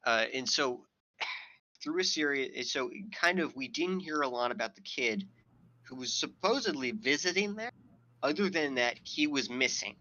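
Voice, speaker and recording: A man's voice: medium pitch, animated, a little slow, sharp tone, dull audio. A man hosting a podcast, telling a story in a rambling, profane way, full of fillers and his own laughter. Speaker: podcast host. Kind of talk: casual podcast chat.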